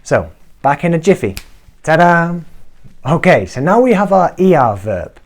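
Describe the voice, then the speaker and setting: A man teaching a beginner Spanish lesson to camera, checking in often with "okay?" and slowing down to model each Spanish form. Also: fairly high pitch, very animated, a little mellow. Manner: encouraging, checks in with frequent "okay?". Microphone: talking to camera.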